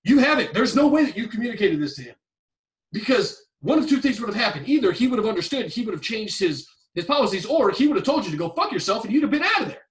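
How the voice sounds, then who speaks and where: Profane ranting man, high lively voice. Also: quick pace, far from the mic. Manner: profane, emphatic, repetitive ranting. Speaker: podcast host giving relationship advice. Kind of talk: blunt advice-show rant.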